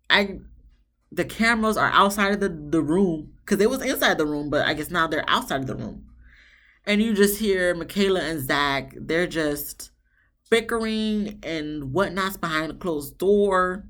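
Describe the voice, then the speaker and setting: A woman's voice: lowish voice, a little slow. A woman recapping a reality TV episode in a chatty, slangy way, acting out what the people said. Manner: animated storytelling, acts out quotes from the episode. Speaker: reality TV reviewer.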